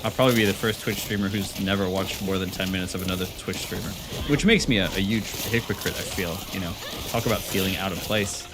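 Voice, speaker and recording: A man's voice: sits low, fast talker, noisy background. A man streaming a game live, talking to himself in a rambling, playful way. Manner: rambling, playful self-talk. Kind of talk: live gameplay commentary. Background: game music.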